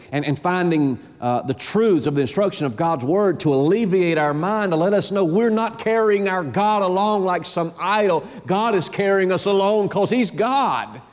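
A man preaching a sermon in an emphatic, repetitive way, his pitch climbing high and falling low. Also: darkish tone, in a large hall. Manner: emphatic, repeats words, rises and drops sharply in pitch.

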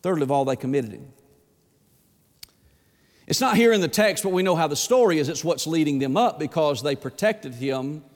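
A man's voice: a little high, lively intonation, normal speed, long pauses. Impassioned male preacher in a reverberant hall. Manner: impassioned preaching, dropping to a hushed plea; repeats words as he builds momentum. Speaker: pastor. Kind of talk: sermon.

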